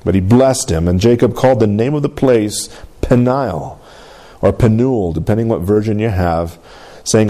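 A man's voice: on the low side, takes it slowly, dark tone. A man preaching a sermon in a conversational way, often checking in with his congregation. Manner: conversational, keeps asking the congregation "Amen?". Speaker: pastor.

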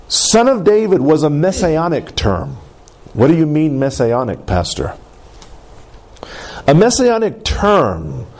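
A man preaching a sermon, animated and acting out the quoted cries with big swings in his voice. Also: fairly high pitch. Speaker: pastor.

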